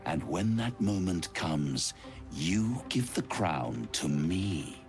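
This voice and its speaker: An actor voicing an ancient scheming male devil in a video game, with a deep, theatrical, relishing drawl. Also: sing-song, takes it slowly, exaggerated voice. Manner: grand, relishing, mocking delivery. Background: game music.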